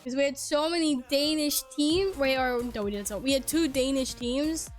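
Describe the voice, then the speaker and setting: A woman's voice: high-pitched, moderate pace, soft background music. A woman from Sweden, chatting casually on stream through a headset, swearing and laughing often. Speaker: game streamer.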